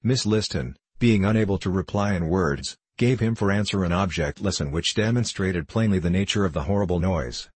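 A man narrating a novel in a measured, even storytelling manner. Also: deep voice, slightly rough, no echo. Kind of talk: audiobook narration.

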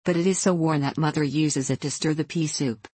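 A woman's voice: low voice, fairly even intonation, brisk, mellow, husky, dry recording. A woman reading the part of a shy young country girl who speaks hesitantly and stammers.

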